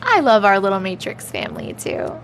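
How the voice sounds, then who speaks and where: A woman's voice: mid-range voice, huge pitch swings, moderate pace, vocal fry, slight background noise. A woman hosting a livestream, chatting playfully with viewers, thanking them often and drifting between put-on accents as she reads their stories aloud. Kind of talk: casual livestream chat and story reading.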